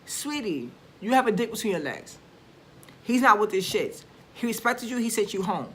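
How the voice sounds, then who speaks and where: A woman's voice: medium pitch, big pitch swings, moderate pace, fairly bright tone. A woman vlogger ranting to camera in a casual, blunt and profane way, with emphatic bursts and frequent restarts.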